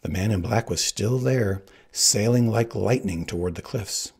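A man reading a novel aloud in an expressive, animated way. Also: on the low side, unhurried, creaky, slightly rough. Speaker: reader. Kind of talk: audiobook narration.

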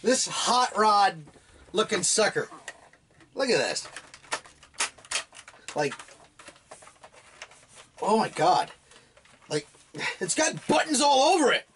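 A man chatting casually while unboxing a gift, rambling and excitable, often laughing. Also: high voice, slow pace, pauses often, slight background noise. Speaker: toy blaster hobbyist unboxing a gift.

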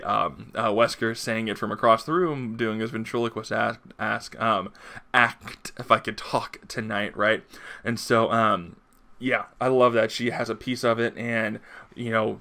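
Male comic reviewer, casual and rambling, gravelly and bright. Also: mid-range voice. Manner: rambling, enthusiastic, full of fillers.

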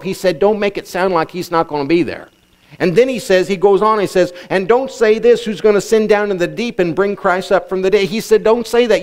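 A middle-aged man preaches a sermon with a somewhat high voice. He reads scripture aloud, then hammers each point home by repeating short phrases. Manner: emphatic preaching with repetition and scripture reading. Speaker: pastor.

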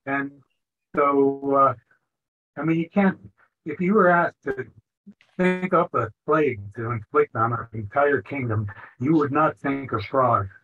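A man's voice: mid-range voice, measured pace, fairly bright tone, lo-fi sound. An older man in a study group, talking earnestly and repeating himself.

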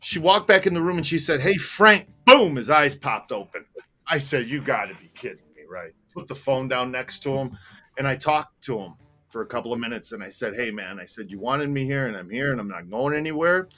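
A man with a bright, forceful voice tells a long story in loose conversation. He rambles, circles back, and swears freely, and his feelings show as he goes. Faint music sits low behind him. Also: animated, brisk. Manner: candid, rambling, swears freely, grows emotional. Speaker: tour operator telling a story. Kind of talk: casual storytelling chat.

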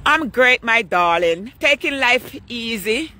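An older woman with a lilt strolls outside at night and chats to her live-stream viewers in an easygoing way. Her voice is bright and clear, and she takes her time between words. She greets her audience by name as she goes. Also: fairly high pitch, slow. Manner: relaxed, chatty, greets and asks viewers by name. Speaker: vlogger hosting a live stream. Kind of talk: casual live-stream chat while walking. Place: outdoors on a street at night.

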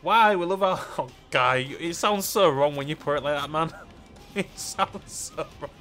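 A young British man streaming a game live, chatting playfully with viewers, laughing often and pleading in loud bursts. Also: fairly high pitch, unhurried, faint music behind. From United Kingdom.

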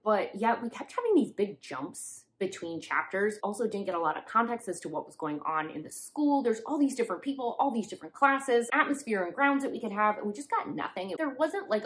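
A young woman chatting casually through a monthly book review vlog, sarcastic and quick to laugh. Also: medium pitch, fairly bright tone.

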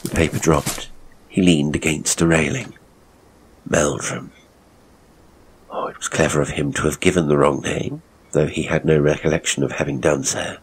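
A man narrating a strange horror story in a measured, deliberate way. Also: very deep voice, fairly even intonation, a little hiss or hum.

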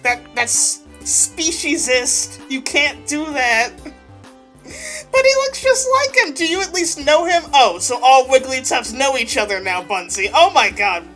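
A woman commenting excitedly while playing a video game, squealing and laughing. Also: high voice, a little slow. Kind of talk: let's play commentary. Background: faint game music.

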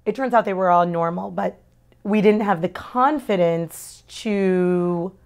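A woman, a mother, answering interview questions candidly about parenting, talking fast and earnestly with expressive shifts in tone. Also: on the low side. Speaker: parent giving a testimonial.

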